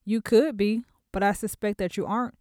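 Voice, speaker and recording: A woman voicing a cold, ruthless wealthy businessman who speaks calmly and without remorse, in an audiobook. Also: medium pitch, normal speed, clean tone, dry recording, studio quality, close to an everyday voice. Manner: calm, unapologetic. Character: cold ruthless wealthy male CEO husband.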